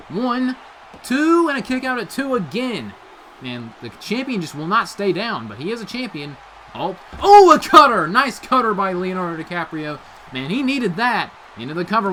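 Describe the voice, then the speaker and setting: A young man calls wrestling play-by-play in a bright, lively, fairly high voice that leaps up on every big move. His delivery is hyped and full of exclamations. A faint hiss of background noise sits under the home recording. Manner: hyped, frequent "oh" exclamations, rising to shouts at big moves. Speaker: play-by-play commentator for video game wrestling. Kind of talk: excited play-by-play commentary.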